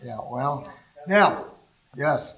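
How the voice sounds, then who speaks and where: A man's voice: mid-range voice, extremely slow, rough recording. Older man telling rambling stories. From California. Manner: rambling, animated anecdotes, asks the audience questions. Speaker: speaker giving a talk. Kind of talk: storytelling talk to a small audience.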